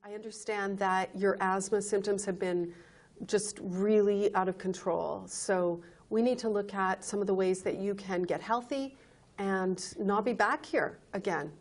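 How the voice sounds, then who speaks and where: A woman's voice: mid-range voice, measured pace. A woman playing a clinic counselor in a training video, insistently lecturing a patient about his health. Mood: pressing.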